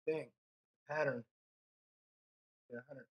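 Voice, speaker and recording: A man's voice: medium pitch, fairly even intonation, normal speed, husky. A man giving casual live commentary while rolling dice, frustrated and muttering to his viewers, swearing between rolls. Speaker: craps streamer.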